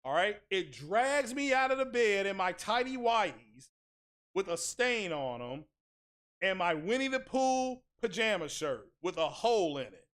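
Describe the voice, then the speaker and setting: A man's voice: high voice, big pitch swings, unhurried, a bit bright. A man hosting a tech channel, ranting casually with sarcastic, mock-outraged exaggeration and crude, blunt language. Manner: crude, blunt street talk. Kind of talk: casual streamed rant.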